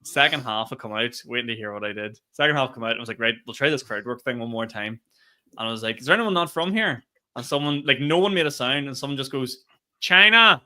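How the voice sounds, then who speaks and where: Fast-talking, bright-voiced man. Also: medium pitch. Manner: animated storyteller, laughs mid-sentence, swears freely. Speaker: podcast co-host, stand-up comedian. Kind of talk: casual podcast chat.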